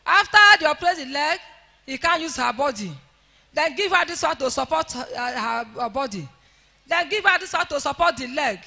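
A Nigerian woman giving an emotional church testimony, rising to shouts of praise. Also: high-pitched, animated, moderate pace, gravelly, in a large hall.

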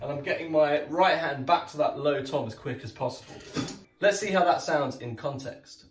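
Speaking at a normal pace in a higher register, a male drum teacher counts and sings out beats in a warm, friendly way. There's a little hiss or hum, plus room echo, a distant mic and music in the background.

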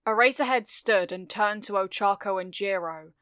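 A woman reading fan fiction aloud, narrating a story with steady, expressive delivery. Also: medium pitch, moderate pace, hardly any pauses, clear, resonant tone, no echo, studio quality.

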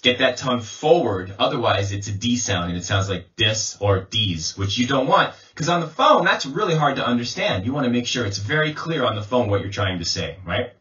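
A man as an English coach, giving a slow pronunciation lesson and repeating sounds as drills. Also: mid-range voice, animated, a bit bright. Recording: distant mic, dull lo-fi sound.

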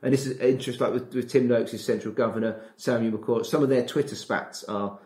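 Animated man in a roomy room. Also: mid-range voice, fast. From Britain. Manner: animated, acts out his inner dialogue. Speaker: podcast guest, running coach. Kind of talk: casual podcast chat.

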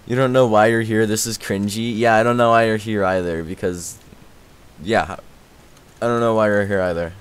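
A young man chatting casually on a live game stream, excitable and laughing often, his voice worn out. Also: on the low side, moderate pace, clean tone. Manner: excitable, laughs often, yelps and shouts when startled.

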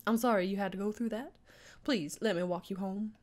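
A woman reading the lines of a courteous older gentleman in a game, gently and politely. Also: mid-range voice, fairly quick, natural voice.

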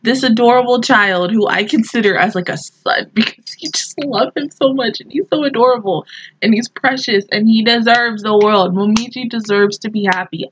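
A woman's voice: mid-range voice, slightly rough, no echo, highs cut off. A young woman hosting an anime reaction review, talking casually and emotionally with many fillers.

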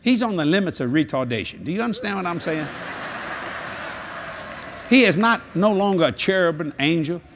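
An older man preaching a humorous sermon at a convention, telling jokey stories and breaking into sudden high-pitched exclamations. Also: lively intonation, normal speed, pauses often, a crowd in the background, background noise. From New Orleans, Louisiana. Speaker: evangelist. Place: large convention hall.

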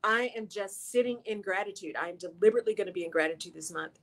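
A woman's voice: mid-range voice, fast talker, a bit bright. A middle-aged woman hosts a radio show, giving an earnest, encouraging motivational talk straight to her listeners.

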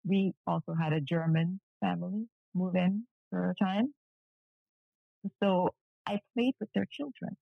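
A woman from Jamaica speaks plainly and frankly in a relaxed interview. Her voice is gravelly and a little husky. It comes through a remote call as thin, dry, phone-like audio. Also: fairly low pitch, measured pace, no echo. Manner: frank and matter-of-fact. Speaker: guest, cultural media commentator. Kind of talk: casual interview conversation. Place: at home in the evening. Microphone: remote video call.

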